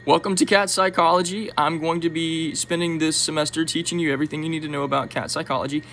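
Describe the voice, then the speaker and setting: A man's voice: fairly high pitch, fairly even intonation, fast, a bit bright, a little hiss or hum, poor audio. A man playing an earnest lecturing teacher. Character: earnest upbeat male cat psychology teacher.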